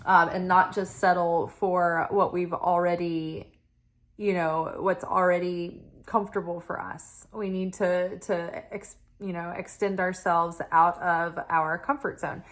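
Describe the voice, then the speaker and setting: A woman's voice: lowish voice, little pitch movement, measured pace. A woman giving a casual spoken tarot reading, earnest and musing, often checking in with "right?" and "you know.". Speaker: tarot reader.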